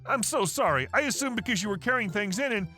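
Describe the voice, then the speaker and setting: A woman's voice: medium pitch, lively intonation, fast, pushed and bright, faint music behind. A man voicing a flustered middle-aged mother hosting a party, firing off curt, demanding questions.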